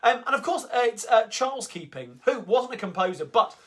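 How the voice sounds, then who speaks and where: A man's voice: extremely high pitch, expressive, fairly quick, a bit bright. A man with a London Cockney accent hosting a live sing-along, chatting casually and rambling with lots of ums between songs. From England.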